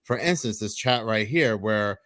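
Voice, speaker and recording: A man's voice: fairly low pitch, expressive, a little slow, fairly bright tone, no room sound, clean studio sound. A man hosting a news commentary channel, reading articles and chat logs aloud in a plain voice.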